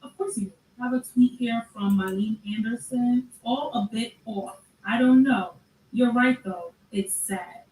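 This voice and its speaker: A woman giving casual commentary in a sarcastic, conversational way, with drawn-out asides. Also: on the high side, a little mellow. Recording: echoey room, distant mic, faint noise.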